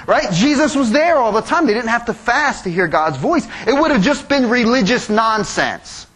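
Male pastor, sermon, high voice, lively pitch, acts out voices, joking asides. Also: moderate pace, hardly any pauses.

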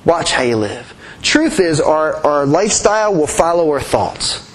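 A man's voice: fairly high pitch, big pitch swings, measured pace, low-quality recording. A man preaching a sermon in an earnest way, often repeating his key phrases. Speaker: pastor.

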